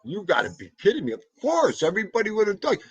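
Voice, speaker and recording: A man's voice: high-pitched, sing-song, very fast, breathy edge, no room sound, muffled recording. A man with a New York accent hosting a live podcast, chatting casually with viewers and calling out their names. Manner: chatty, shouts out viewers by name, jokey. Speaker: live podcast host reading chat. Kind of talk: casual livestream chat.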